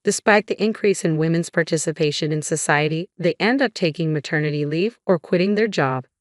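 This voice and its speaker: A man's voice: on the high side, a little fast, dry recording, clean studio sound, close to an everyday voice. A woman reading the part of an arrogant, sexist middle-aged husband who talks down to others. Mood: smug. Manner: dismissive, condescending.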